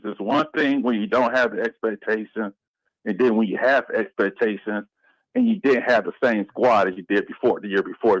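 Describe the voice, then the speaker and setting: A man's voice: fairly low pitch, dry recording, low-quality recording. A man calling in to a sports radio show, chatty and opinionated. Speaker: caller. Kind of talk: call-in sports commentary.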